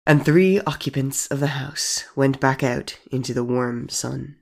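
A man narrating a storybook audio drama in a measured, deadpan way. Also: medium pitch, vocal fry. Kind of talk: scripted narration. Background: soft music.

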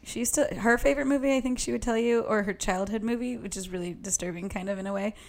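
A woman's voice: medium pitch, fast talker, darkish tone. A middle-aged woman in casual conversation, teasing and laughing between phrases. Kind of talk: casual chat.

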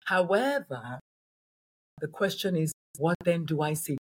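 A woman's voice: deep voice, expressive, measured pace, darkish tone, slightly rough. A woman from Nigeria, a pediatrician and coach, talking emphatically in an interview and repeating phrases for effect. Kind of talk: animated interview talk.

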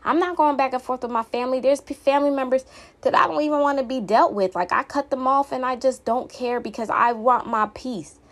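A woman's voice: sits high, fairly quick, a bit bright. A young woman hosting her own podcast, talking candidly and emphatically in a casual monologue full of fillers. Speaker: podcast host.

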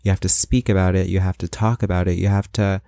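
A young man with a very low voice hosts his own podcast, chatting loosely and wandering off topic. He is playfully boastful and theatrical, and the recording is close and dry with no room sound. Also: little pitch movement, quick pace, gravelly, warm tone, no echo. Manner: rambling and playfully self-aggrandizing, with laughs and dramatic asides. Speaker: podcast host. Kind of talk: casual solo podcast rant.

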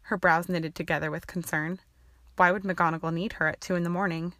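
A woman narrating a fan-fiction audiobook with an even, steady reading. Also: lowish voice, a little fast, no echo, studio quality.

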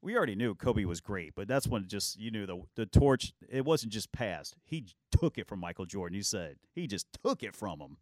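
Low-voiced man telling sports stories. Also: a little fast, hardly any pauses, no room sound. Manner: lively anecdotes, acting out quoted lines. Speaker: sports show host. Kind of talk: casual sports storytelling.

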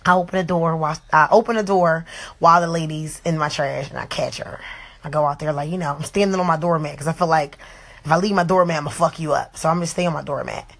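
A young mother tells a story from her own life at home, her voice sitting a little low. She is animated and profane, and she jumps into everyone's lines as she tells it. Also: fast talker. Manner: animated, profane, acts out the other people's lines. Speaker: mother telling a personal story. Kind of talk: casual storytime to camera.

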